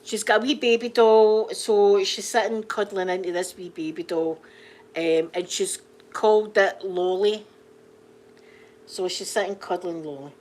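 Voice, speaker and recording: A woman's voice: medium pitch, steady tone, measured pace, darkish tone. A middle-aged Scottish woman from Scotland, chatting casually with viewers on a livestream, rambling and laughing often. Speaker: livestream host. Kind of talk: casual live chat with viewers.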